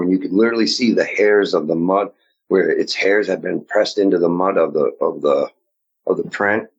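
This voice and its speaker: A man with a very low, husky voice tells his story casually. He rambles and slips into quoting others mid-sentence. The audio sounds dull and lo-fi. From Maine. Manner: rambling, quotes others in dialogue. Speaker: guest recounting sightings.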